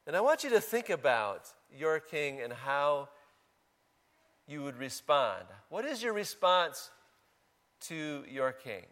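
A man's voice: a little high, big pitch swings, slow, a bit bright. A man preaching a sermon in a church, talking casually and asking the congregation questions. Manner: conversational, asks the congregation questions. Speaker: pastor.

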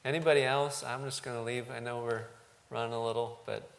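A man, a pastor, speaking haltingly to his congregation and leading a prayer. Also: mid-range voice, fairly even intonation, gravelly. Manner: halting, with frequent ums. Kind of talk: church service address and prayer.

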